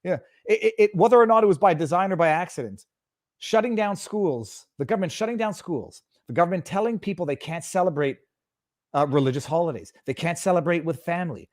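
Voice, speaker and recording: A man's voice: sits high, lively intonation, brisk. A man hosting a political livestream, heated and sarcastic, building to outraged emphasis and then reading viewer chats. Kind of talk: impassioned political rant on a livestream.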